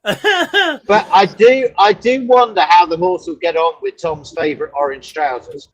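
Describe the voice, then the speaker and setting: A man's voice: sits high, expressive, measured pace, poor audio. A truck driver chatting casually from his cab on the road, spinning absurd stories and laughing a lot. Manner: playful, spins long absurd stories with lots of laughing. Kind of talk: casual chat.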